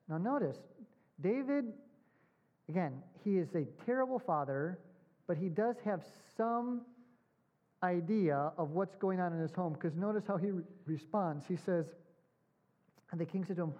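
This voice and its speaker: A man's voice: high-pitched, animated. Man preaching and quizzing his congregation. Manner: asks the congregation questions and repeats points emphatically; stretches key words slowly for emphasis. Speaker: pastor. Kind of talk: sermon. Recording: dull lo-fi sound.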